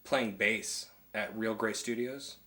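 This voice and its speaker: Young man, low pitch, casual rambling storyteller, home studio chat. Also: slow pace, sharp tone. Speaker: guest. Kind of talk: casual chat over drinks.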